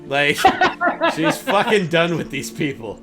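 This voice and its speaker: A man's voice: a little high, very animated, a little slow, over music. A man playing a tabletop game, chatting casually with restarts and swearing. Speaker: player.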